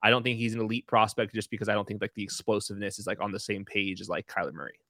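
A man's voice: fairly low pitch, fairly even intonation, rapid-fire, bright, forceful tone, no room sound, clean studio sound. A young man talking as a podcast guest, breaking things down in a loose, chatty way full of "like" and "uh". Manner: loose, chatty, uses lots of fillers like "like". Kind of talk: casual podcast analysis.

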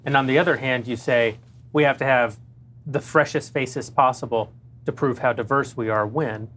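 A man in a roundtable discussion, laying out an argument in a measured way. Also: mid-range voice, fairly even intonation, fairly bright tone. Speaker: co-host.

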